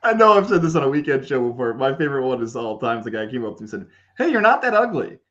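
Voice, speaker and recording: A man co-hosting a radio sports talk show, chatting casually with quick sarcastic asides. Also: mid-range voice, dull audio. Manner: fast and lively, with sarcastic asides.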